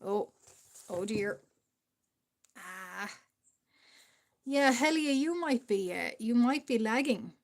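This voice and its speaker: A woman's voice: on the high side, animated, slow pace, long pauses. Chatty Irish woman streaming her drawing. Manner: hesitant, chatty, many fillers, laughs often. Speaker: art livestreamer. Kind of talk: casual livestream chat while drawing.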